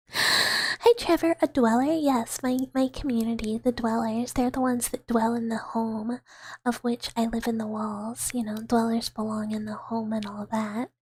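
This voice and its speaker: A young woman streaming, softly whispering and giggling through her chat in a whispered role-play as a mouse character. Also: fairly high pitch, steady tone, measured pace, husky. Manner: soft whispery chatter with frequent giggles. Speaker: VTuber streamer. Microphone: close ASMR microphone.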